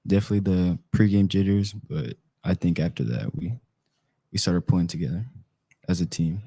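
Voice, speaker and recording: A teenage football player reflects on his team in a hesitant, halting way, using lots of "like". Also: deep voice, dark tone, dry recording. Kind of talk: casual interview chat.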